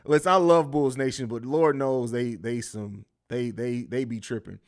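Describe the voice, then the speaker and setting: A man's voice: medium pitch, fairly even intonation, normal speed. A man hosting a live sports podcast, talking bluntly and riffing with plenty of profanity. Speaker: podcast host. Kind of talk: live-stream sports talk.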